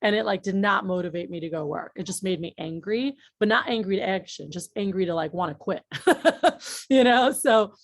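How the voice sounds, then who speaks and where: A woman's voice: mid-range voice, moderate pace, no room sound, studio quality. A woman giving a casual training talk on leadership, chatty and blunt, swearing freely and checking in with her listeners often. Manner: frequent filler words and rhetorical checks.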